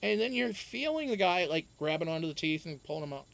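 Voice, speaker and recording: A man's voice: on the high side, lively intonation, quick pace, vocal fry, fairly bright tone. A man hosting a live stream, telling a rambling, profane story and answering chat casually. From Wisconsin.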